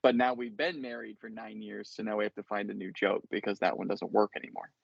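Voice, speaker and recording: A man's voice: fairly low pitch, fairly even intonation, fast talker, gravelly, slightly rough, no echo. Laid-back guy hosting a chat, dry muffled call audio, swears now and then. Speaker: podcast host. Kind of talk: casual chat.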